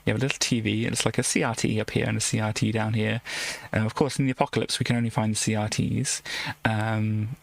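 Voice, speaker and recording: A man's voice: on the low side, flat delivery, fast talker, vocal fry. A man streaming a game live, reading its text aloud and adding wry asides, often restarting sentences and repeating words. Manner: wry asides between read passages.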